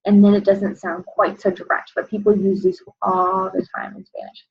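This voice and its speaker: A young adult woman, a Spanish teacher, walking students through an exam review and filling pauses with frequent "um"s. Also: medium pitch, level tone, breathy edge, lo-fi sound. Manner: explanatory, many "um" fillers.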